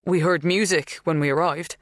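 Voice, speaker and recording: A man's voice: a little high, steady tone, moderate pace, fairly bright tone, dry recording, studio quality, close to an everyday voice. A narrator voicing a worried but determined man.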